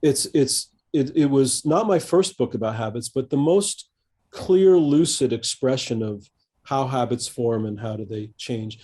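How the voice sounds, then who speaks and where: Older American male coach, mellow and dark-toned, thoughtful interview talk, halting with fillers and restarts. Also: mid-range voice, husky. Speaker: coach, podcast guest. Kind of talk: conversational interview.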